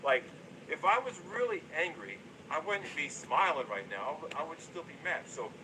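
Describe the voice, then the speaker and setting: A New Jersey man ranting on his YouTube livestream speaks at a moderate pace in a slightly high voice with big pitch swings. The stream is noisy, and he's crude, blunt, and repetitive as he addresses viewers.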